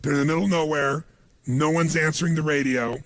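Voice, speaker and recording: A man giving a motivational seminar talk, telling stories to an audience in an animated way and acting out the people he quotes. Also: on the high side, brisk. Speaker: motivational speaker.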